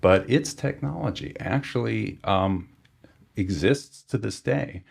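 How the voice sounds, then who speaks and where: Speaking in a husky, slightly rough voice that's very low and gravelly, this man is a sonar engineer guesting on an easygoing podcast. He explains technical history with frequent pauses, fillers, and sentences he starts over.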